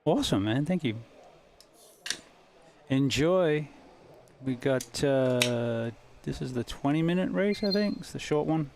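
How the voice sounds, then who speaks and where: A man streaming a sim race, chatting casually and quietly to viewers while he drives. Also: a little high, expressive, measured pace, pauses often. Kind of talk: casual live-stream chat while driving. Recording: racing-car engine noise behind. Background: engine roar from the racing game.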